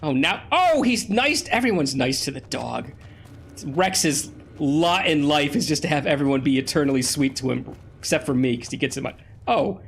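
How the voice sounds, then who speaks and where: A man's voice: a little high, normal speed, vocal fry, a little hiss or hum. A man giving casual, playful commentary while playing a video game, a little under the weather. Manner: playful, chatty, excitable. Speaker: let's play host.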